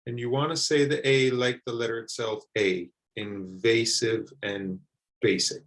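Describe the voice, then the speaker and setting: A man teaching English pronunciation, repeating words slowly and carefully for learners. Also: medium pitch, fairly even intonation, poor audio. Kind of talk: slow, deliberate pronunciation lesson.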